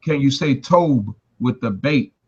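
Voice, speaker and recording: A man answers as a student in a language class, hesitant and tripping over the start of his questions. He sits at an ordinary middle pitch for a man, and the recording sounds dull and muffled. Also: lively intonation, a little slow, mellow, breathy edge. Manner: hesitant, stumbles and restarts questions.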